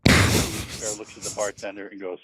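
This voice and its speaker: A man's voice: mid-range voice, animated, fast, poor audio. A man calling in from outdoors on a phone, chatting casually and telling a long rambling joke. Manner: rambling storyteller. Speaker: caller.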